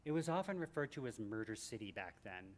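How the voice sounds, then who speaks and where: A man in his sixties from Michigan, reading from his memoir to a live audience in a library event room, animated and joking. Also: brisk, a little hiss or hum. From Michigan, USA. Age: 60s. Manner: animated and joking, with big swings in pitch and loudness. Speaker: author at a book event.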